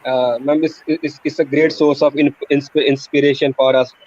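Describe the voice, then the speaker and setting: A man's voice: a little high, flat delivery, moderate pace, darkish tone. Guy from pakistan, english student, stumbles and restarts a lot, muffled lo-fi call audio. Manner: hesitant, repeats and restarts. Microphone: video call.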